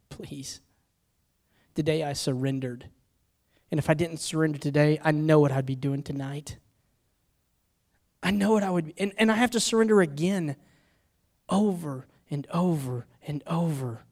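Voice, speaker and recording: A middle-aged man preaching a sermon, telling personal stories and moving between hushed, confessional moments and loud, urgent ones. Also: fairly high pitch.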